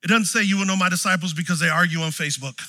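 A high-voiced man in his forties preaching with a bright, forceful tone. He tells stories animatedly, jumping from loud exclamations to hushed lines, and his voice rings through a long-echoing hall. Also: rapid-fire. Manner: animated, storytelling, swings from shouts to quiet. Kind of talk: sermon.

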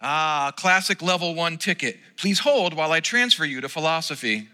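A pastor putting on a calm British help-desk angel. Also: male voice, a little high, normal speed, long reverb tail. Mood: polite. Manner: polite, unflappable customer-service tone.

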